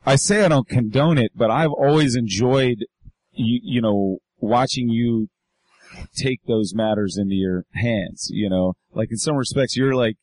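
A man's voice: medium pitch, a little slow, darkish tone, rough recording. Rambling, swearing man musing. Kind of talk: casual chat.

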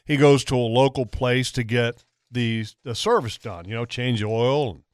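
A man's voice: mid-range voice, moderate pace, clear, resonant tone, no echo, clean studio sound. A man hosting a radio talk show, chatting casually and talking over his co-host. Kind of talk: casual chat.

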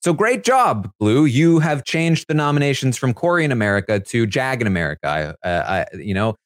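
A man's voice: medium pitch, a little fast, dry recording, studio quality. A man giving a casual, sarcastic recap of a reality show as a podcast correspondent. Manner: animated, sarcastic storytelling.

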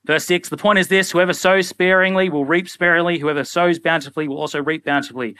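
A young man preaching a sermon in a casual, animated way, often acting out little everyday scenes. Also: high-pitched, a little fast, few pauses, clear, resonant tone, no echo. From Australia. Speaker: pastor.

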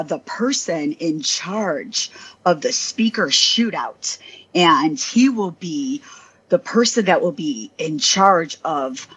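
Woman guest on a talk show, kinda low voice, rambly, lots of likes and ums. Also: a bit bright, slightly rough, dull audio. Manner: rambling, lots of filler, self-deprecating. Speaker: guest, DJ and audio industry worker. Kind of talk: casual interview.

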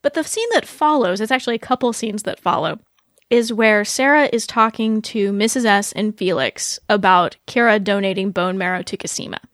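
A woman hosting a podcast, chatting casually about a TV episode, animated and laughing often. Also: moderate pace, dry recording, clean studio sound. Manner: animated, laughs often, quotes scenes in a lowered voice. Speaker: podcast host. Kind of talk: casual TV recap chat.

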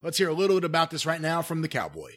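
Higher-voiced man hosting a chat. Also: huge pitch swings, racing, a bit bright. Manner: leads the talk, cues clips. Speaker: podcast host. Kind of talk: casual commentary chat.

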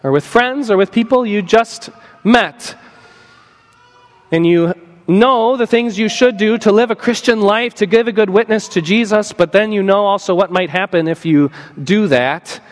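Pastor preaching with a high voice. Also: male voice. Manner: earnest, voices imagined speakers, slows for emphasis. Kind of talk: sermon. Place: church sanctuary. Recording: long church reverb.

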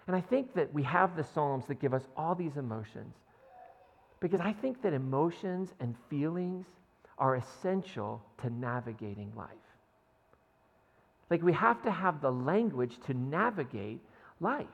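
A man delivers a sermon in a relaxed, talkative way, often asking his listeners "right?" before reading scripture aloud. His voice sits a little high and has a gravelly fry. The sound carries the long reverb of a large hall. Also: unhurried. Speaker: pastor. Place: church sanctuary.

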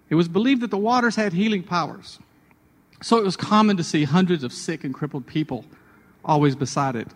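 A man with a somewhat high voice talks in a chatty, storytelling way on a radio devotional. He moves from personal anecdotes to a spiritual lesson. A long hall reverb trails after his words. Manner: chatty, personal anecdotes building to a sermon point.

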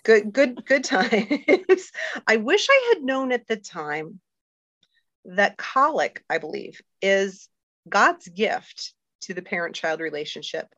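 A woman's voice: medium pitch, sing-song, slow pace, fairly bright tone, no room sound. A middle-aged woman, a guest on a faith podcast, talking candidly and earnestly with many fillers and restarts. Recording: dull lo-fi dry recording.

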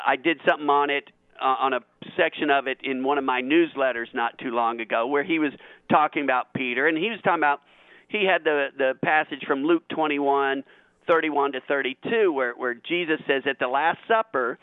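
A man who is a guest on a call-in radio show, talking in an animated way and getting excited as he argues his point. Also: normal speed, no echo. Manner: animated, grows excited and high when making a point. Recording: tinny phone line.

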